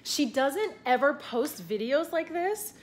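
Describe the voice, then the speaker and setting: A woman's voice: sits high, animated, slow pace, a little hiss or hum. Chatty rambling young woman vlogging. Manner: rambling, chatty, many fillers and restarts. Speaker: vlogger and aspiring content creator. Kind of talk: casual talking-head vlog.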